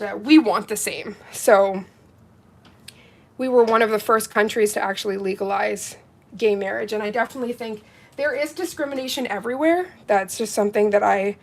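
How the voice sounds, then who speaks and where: A woman hosting a nail polish livestream from home, chatting casually and reading out viewers' comments in a warm, gushing, heartfelt way. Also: a little high. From Canada.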